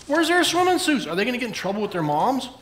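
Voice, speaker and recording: A man's voice: extremely high pitch, quick pace, roomy sound. A man who is a pastor giving a children's sermon, asking the kids questions and cheering them on. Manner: animated, questioning, encouraging toward kids.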